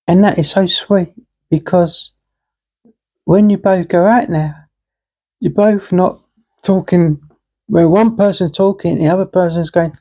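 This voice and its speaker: A woman's voice: fairly low pitch, steady tone, measured pace, long pauses, warm tone. A woman, telling a playful story in a rambling, casual monologue. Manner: chatty, playful storyteller acting out both sides. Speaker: vlogger.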